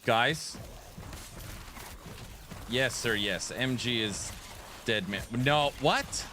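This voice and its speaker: A man's voice: medium pitch, very slow, noisy background. A man streaming a video game, bantering playfully and defensively with his chat. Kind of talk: casual gaming stream chat.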